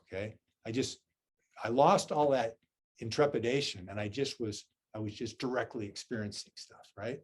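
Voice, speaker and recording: A man with a Southern US accent gives a relaxed dharma talk as a Zen teacher. He talks in a mid-pitched voice and tells a story at his own expense. He often turns to the listeners with a quick "right?" or "okay?". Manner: self-deprecating, storytelling.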